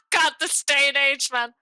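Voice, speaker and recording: A woman's voice: high-pitched, slow, pushed and bright, dry recording, rough recording. A woman chatting casually on a stream, stammering and restarting her sentences often. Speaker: stream guest. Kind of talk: casual chat.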